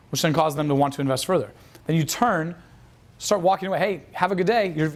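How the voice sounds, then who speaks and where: The speaker, a dating coach with a somewhat high voice, delivers a quick lesson that wanders. Restarted sentences are common, as are lines he acts out in character.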